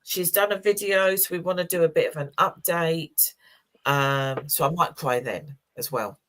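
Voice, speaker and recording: Low-voiced woman in her sixties. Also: moderate pace. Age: 60s. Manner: warm, emotional storytelling with laughs. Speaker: co-host. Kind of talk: casual chat.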